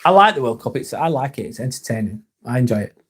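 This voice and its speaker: A young English man chatting live to his viewers, halting and sincere, often trailing off and starting over. His voice sits at an ordinary middle pitch, and his talk is loose and unscripted. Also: lively intonation, fairly bright tone, breathy edge. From England. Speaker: livestream host. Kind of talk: casual live-stream chat, reading comments.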